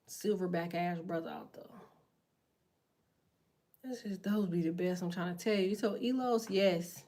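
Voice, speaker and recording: A woman chats loosely with her livestream viewers from under a blanket in bed. Her talk is blunt, profane and full of slang, and she drifts from topic to topic. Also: on the low side. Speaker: tarot livestream host. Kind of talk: casual livestream chat with viewers. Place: in bed at home.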